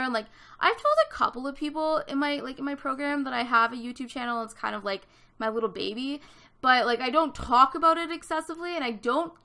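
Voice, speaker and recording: A chatty young woman in her twenties tells a rambling personal story while she builds in a game. Her voice sits a little high and sounds bright and forward. She leans on "like" constantly and slips into quoted voices as she talks. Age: 20s. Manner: chatty, animated, lots of "like", acts out quoted voices. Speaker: YouTube Sims builder. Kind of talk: casual storytelling over a speed build.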